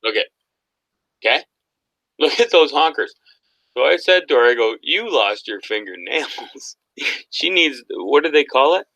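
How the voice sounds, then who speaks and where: A man hosting a casual online talk show, animated and mocking, laughing often as he goes. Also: fairly high pitch, normal speed, creaky, long pauses, dry recording, rough recording. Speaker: podcast host. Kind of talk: casual conspiracy talk chat.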